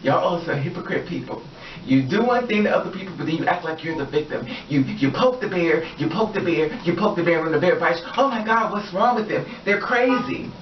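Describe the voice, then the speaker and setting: A woman's voice: deep voice, lively intonation, fast, a little hiss or hum. A woman vlogger ranting in a heated, profane and emphatic way. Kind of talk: personal vlog rant. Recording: echoey, distant, dull-sounding room recording.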